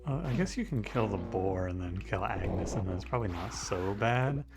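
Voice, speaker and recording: Over music, a low, expressive male voice moves at a moderate clip as this video game streamer narrates his own playthrough. He addresses the characters directly and erupts in frustration at bad luck, all in a casual tone.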